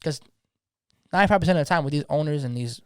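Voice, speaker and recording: Fast-talking passionate young man. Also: a little high, smooth, dry recording, studio quality. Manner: passionate, slangy, repeats words when worked up. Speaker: DJ guest. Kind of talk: casual podcast conversation.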